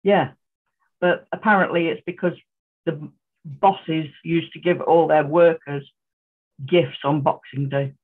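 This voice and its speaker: A British woman chatting as a guest on a sewing livestream over a video call, relaxed and matter-of-fact. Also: low voice, slow pace, pauses often, husky. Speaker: guest sewer. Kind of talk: casual livestream chat. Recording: thin phone-like video call audio.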